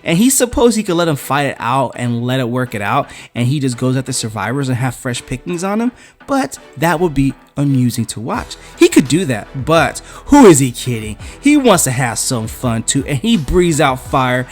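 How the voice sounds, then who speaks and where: A man, a comic book reviewer, chatting through a casual, animated retelling of a comic. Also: medium pitch, moderate pace, soft background music.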